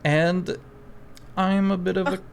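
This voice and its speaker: Man playing a tiny, bubbly fairy lady, high and loud, a bit of rasp. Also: little pitch movement, takes it slowly, a little hiss or hum, heavily acted. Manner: cheerful, flirty, sun-loving.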